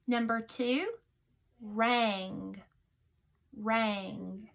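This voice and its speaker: Woman teacher, phonics dictation lesson, very slow careful pace, somewhat high voice. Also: fairly even intonation, gravelly. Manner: slow, deliberate, sounding out each word.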